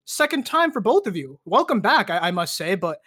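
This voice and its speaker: Young man, podcast host, lively swooping pitch, mock-annoyed teasing, on a voice chat call. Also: fairly quick, husky. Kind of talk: casual chat. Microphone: joining over a voice chat call.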